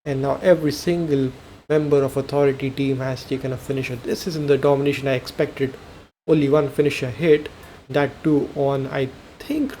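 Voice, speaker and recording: A man's voice: medium pitch, normal speed, dark tone, slight background noise, rough recording. A young man giving casual play-by-play commentary over a video game, thinking aloud and correcting himself as he goes. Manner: thinks aloud, self-corrects, rambling asides. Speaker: gaming commentator.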